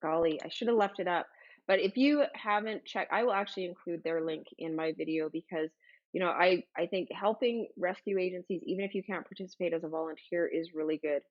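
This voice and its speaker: In a muffled recording, a woman with a lowish voice talks briskly while hosting a livestream. She chats casually and bubbly, exclaiming often as she reads viewer comments aloud.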